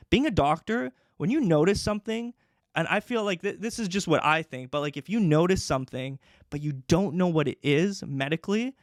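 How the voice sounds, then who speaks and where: A man's voice: sits high, no echo, clean studio sound. A young man from Canada hosting a podcast, telling his story casually with many fillers. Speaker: podcast host.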